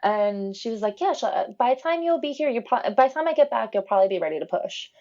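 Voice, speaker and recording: Woman, casual storyteller, animated, mimics voices, laughs a lot, muffled lo-fi audio. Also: a little high, fast talker. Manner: animated, quotes people with lively voice changes, laughs often. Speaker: podcast guest telling her birth story.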